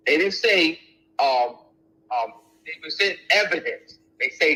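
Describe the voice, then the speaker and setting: A man's voice: on the high side, animated, unhurried, pushed and bright, slightly rough, low-quality recording. A man answering audience questions in a lecture, emphatic and repetitive, restarting his sentences often.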